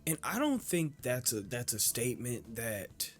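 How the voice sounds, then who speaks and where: A man hosting an anime reaction, with an even, middle-pitched voice and an unhurried, drawn-out delivery. He curses freely, bursts out at the screen and then trips over his words in long, stammering asides. Faint music sits behind him. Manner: emotional, stammering, profane; exclaims loudly at the screen, then rambles quietly. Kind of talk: casual reaction commentary.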